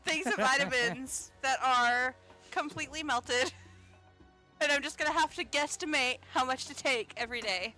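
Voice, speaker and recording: Giggly woman running a stream, brightish higher voice, faint music under it. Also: normal speed. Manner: giggly, teasing, running the tech checks. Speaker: streamer hosting a tabletop game. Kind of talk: casual pre-show chat.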